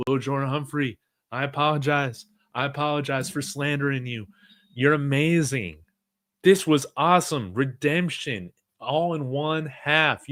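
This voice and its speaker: A man giving live play-by-play reactions as a fan, reading chat comments aloud and shouting on big plays. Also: medium pitch, no room sound, clean studio sound. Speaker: fan watch-along commentator.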